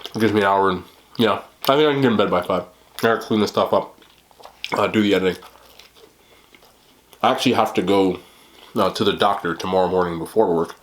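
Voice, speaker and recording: Weary male vlogger with a New York accent and a low voice, rambling to camera with self-deprecating laughs. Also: brisk, pauses often. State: tired. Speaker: mukbang vlogger. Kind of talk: casual late-night rambling to camera.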